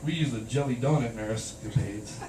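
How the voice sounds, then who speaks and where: A man's voice: medium pitch, brisk. A man performing a crude, self-deprecating stand-up comedy set on a small club stage, recorded on a camcorder in the crowd. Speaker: stand-up comic. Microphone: handheld camera from the audience. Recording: roomy, far-off, noisy camcorder sound. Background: audience laughter.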